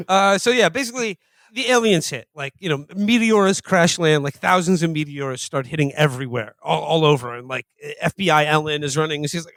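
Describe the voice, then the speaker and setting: Man, high voice, dry close sound, casual comedy podcast review, animated impressions. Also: normal speed, no echo. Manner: animated, mock-panicked impressions. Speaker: podcast host.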